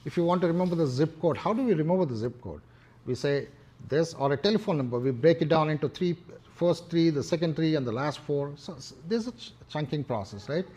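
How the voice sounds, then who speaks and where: A middle-aged man with an Indian English accent giving a devotional discourse, talking in a halting way with many fillers and restarts. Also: on the high side, animated, darkish tone, slightly rough. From Hyderabad, India. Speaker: temple speaker.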